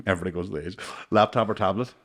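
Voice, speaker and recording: A man's voice: sits low, quick pace. A man hosting a casual podcast chat, a comedian telling stories animatedly and swearing often. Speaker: podcast host and stand-up comedian.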